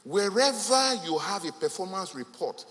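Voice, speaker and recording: Animated man speaking in an echoey hall. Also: sits high, normal speed. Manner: emphatic, repeats key phrases, laughs between points. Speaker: conference speaker. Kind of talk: motivational speech at a business event. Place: large event hall. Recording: echoey hall with faint ambience.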